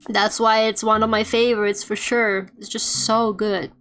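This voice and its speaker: A woman's voice: on the high side, expressive, a little fast, few pauses. A young woman streamer chatting casually and playfully while she draws, with lots of fillers and joking rants. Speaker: streamer and artist. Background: quiet game music playing.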